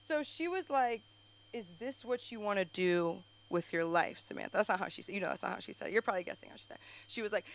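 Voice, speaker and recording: A young woman hosting a comedy open mic, doing rambling, self-deprecating stand-up full of quick asides on a club stage. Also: medium pitch, poor audio. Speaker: stand-up comic and show host.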